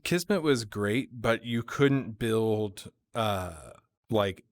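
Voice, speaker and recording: A man's voice: fairly low pitch, animated, extremely slow, dry recording. A man hosting a casual chat, talking hesitantly with many fillers and restarts. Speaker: show host.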